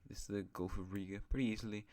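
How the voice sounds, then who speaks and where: A man's voice: on the low side, fairly even intonation, very fast, a little mellow. A man hosting an alternate-history map series, narrating in a rambling, chatty way with self-mocking asides. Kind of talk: casual map-game commentary.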